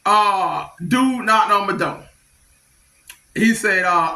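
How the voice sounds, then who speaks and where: A middle-aged woman tells stories in a bright, forceful voice. She talks bluntly and animatedly, in slangy speech. The room has a noticeable echo. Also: medium pitch, takes it slowly. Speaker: vlogger. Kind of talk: casual storytelling. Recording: echoey room.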